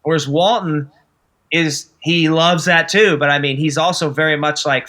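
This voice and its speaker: A man's voice: a little high, steady tone, normal speed, pushed and bright. A man guest on a podcast, a film director in casual interview chat, enthusiastic and swearing often. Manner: enthusiastic, profane, acts out quotes.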